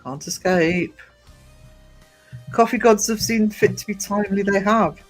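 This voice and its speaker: A man with a high voice streaming live from the gym, chatty and teasing as he greets his viewers one by one. He sounds a bit worn out, laughs easily, and faint music plays behind him. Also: unhurried. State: low on energy. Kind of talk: casual live-stream chat reading out viewer comments.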